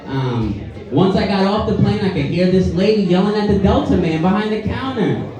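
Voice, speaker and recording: A man's voice: sits high, animated, normal speed. A man from the Bronx with a Bronx accent doing a stand-up comedy set, talking loose and conversational and checking in with the crowd. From the Bronx, New York. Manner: loose and conversational, keeps asking the crowd "you know what I'm saying". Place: comedy club stage. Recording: far-off roomy club mic, muffled, loud crowd. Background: audience laughing.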